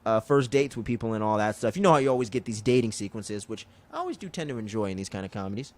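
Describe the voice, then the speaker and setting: A man co-hosting a podcast, recapping an episode in casual chat, telling it loosely and profanely with quick impressions of the characters. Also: lowish voice, animated, a little mellow. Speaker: podcast co-host.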